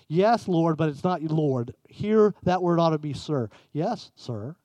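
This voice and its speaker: A man with a notably high voice delivers a sermon as pastor. He drives his points with emphatic lifts, then drops to hushed, intimate phrasing. The sound is dry and close. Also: expressive, a little slow, dry recording. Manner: emphatic, swings between raised and hushed delivery.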